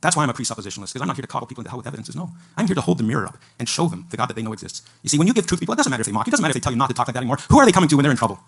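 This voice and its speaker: A man giving a fervent debate speech to an audience at a live event, preaching in rapid-fire bursts. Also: medium pitch, big pitch swings, creaky, slightly rough.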